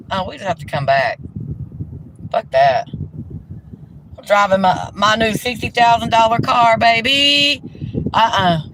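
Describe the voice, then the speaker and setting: A woman's voice: mid-range voice, noisy background. A woman ranting heatedly and profanely during a live stream, talking into a handheld phone from inside a car.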